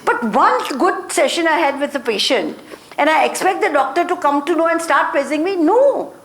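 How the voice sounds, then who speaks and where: A woman teaches a motivational training class, her high, expressive voice moving at a moderate pace over slight background noise in an echoey room. The lecture relies on short phrases she repeats, and she regularly checks in with the class.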